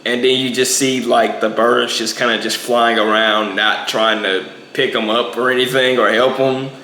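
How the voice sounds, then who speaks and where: A man's voice: medium pitch, fairly even intonation, moderate pace, pushed and bright, echoey room, a little hiss or hum. A young man giving a casual, rambling movie review, packing in lots of filler words.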